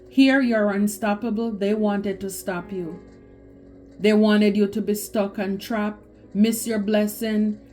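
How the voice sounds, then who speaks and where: A woman's voice: medium pitch, darkish tone. A woman giving a spiritual tarot reading, talking emphatically and repeating phrases for stress. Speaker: tarot reader.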